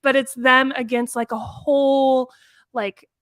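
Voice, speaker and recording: A woman co-hosting a podcast, reviewing a cartoon episode in casual chat, animated and quick, full of "like". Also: sits high, no room sound. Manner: animated, quick bursts, frequent "like". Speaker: podcast co-host.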